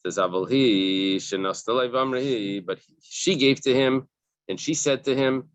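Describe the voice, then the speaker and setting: A man's voice: mid-range voice, a little slow, no room sound. A man teaching a casual study-group class, explaining the text step by step and translating each phrase into plain English. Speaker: Talmud teacher. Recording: dull lo-fi recording.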